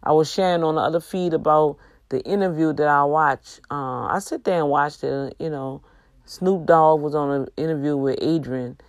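There's no room sound around this woman's low-sitting voice. As a livestream host leading a casual faith talk, she's earnest and exhorts like a preacher, drawing out key words, while a bit weary and yawning.

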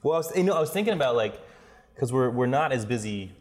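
A man's voice: medium pitch, animated, quick pace, a little mellow, long reverb tail. A man co-hosting a casual chat, rambling with lots of fillers and swearing. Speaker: podcast co-host.

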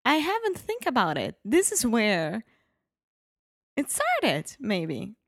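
A Portuguese woman, a native Portuguese speaker, co-hosting a podcast and chatting slowly with easy laughter in English. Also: fairly high pitch, wildly swooping pitch, gravelly, no echo, studio quality. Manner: slow, laughs easily, hesitant. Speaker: podcast co-host. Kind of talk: casual conversational chat.

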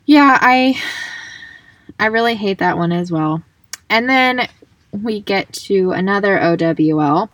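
A woman's voice: medium pitch, expressive, slow, long pauses, fairly bright tone. A woman co-hosting a casual book-club podcast, chatty and full of fillers. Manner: chatty, laughs easily, many likes. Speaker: podcast co-host.

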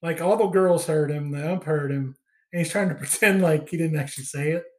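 Man, somewhat high voice, casual podcast co-host, rambling movie recap, lots of ums. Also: fairly quick. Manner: rambling, many fillers, acts out quoted lines.

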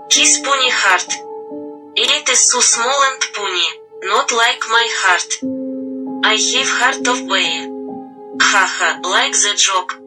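A woman voicing a boastful macho Russian strongman in a comedy sketch, speaking in a slow, clipped deadpan with a mock Russian accent and dropped articles. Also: fairly high pitch, recorded from a distance, poor audio. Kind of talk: comedy sketch role-play.

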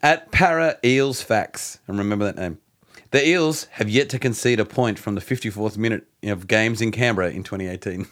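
An Australian man co-hosting a casual sports chat, swearing freely and telling stories with jokes and animated asides. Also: lowish voice, normal speed. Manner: sweary, jokey, animated storyteller. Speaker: podcast co-host reviewing rugby league.

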